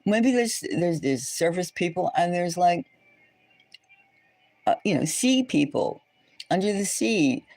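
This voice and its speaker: A woman on a livestream rambles through her thoughts, circling back with restarts and fillers. Her voice sits low but swoops up and down a lot. She sounds indignant and asks rhetorical questions, heard close and dry with no room sound. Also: big pitch swings, takes it slowly, gravelly, pauses often, a little mellow, no echo. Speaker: tarot channel host. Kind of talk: livestream chat monologue.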